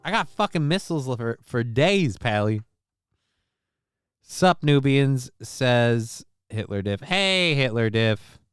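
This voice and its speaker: A man's voice: mid-range voice, expressive, slow, clean tone, no room sound, studio quality, soft background music. A man hosting a livestream, chatting casually and reading out viewer comments in a rambling, profane, joking way. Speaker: livestream show host.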